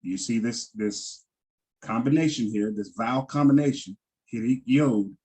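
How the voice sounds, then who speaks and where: A man's voice: medium pitch, normal speed, dark tone. A man teaching a Hebrew vocabulary lesson, patiently repeating each word with frequent ums and restarts.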